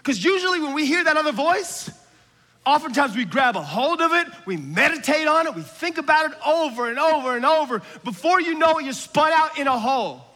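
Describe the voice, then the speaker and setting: High-voiced impassioned male preacher. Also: expressive, a little fast, in a large hall. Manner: impassioned, rises to shouts at key lines. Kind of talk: sermon.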